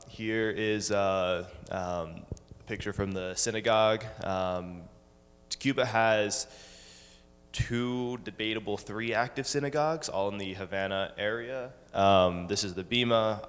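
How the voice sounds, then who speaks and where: A man's voice: on the low side, a little slow. Hesitant young man in a reverberant hall. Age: 20s. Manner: hesitant, many ums and uhs. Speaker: student giving a talk to a congregation. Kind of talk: presentation with slides. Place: synagogue hall.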